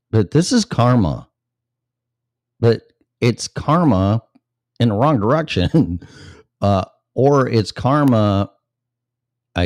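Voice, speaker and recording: A podcast host from Illinois reads news stories aloud on his own show, breaking off into blunt, profane, sarcastic rants. His voice is low and a little mellow, in a dry, studio-quality recording.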